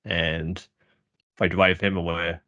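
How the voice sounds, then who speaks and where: A man co-hosting a podcast in casual chat, rambling with many fillers and jumping high in pitch when he quotes characters. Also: flat delivery, takes it slowly, bright, forceful tone, no room sound, dull audio. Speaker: podcast co-host.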